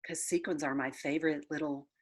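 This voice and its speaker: A woman voicing a bubbly, bossy little kindergarten girl who talks loudly and mangles big words in a children's book read-aloud. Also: sits low, steady tone, brisk. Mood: chatty.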